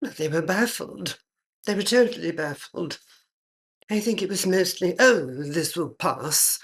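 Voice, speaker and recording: A tart old English actress's ghost. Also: female voice, fairly low pitch, lively intonation, a little slow. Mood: dry. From England. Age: older. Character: spirit of an elderly grand English actress, dry and tart.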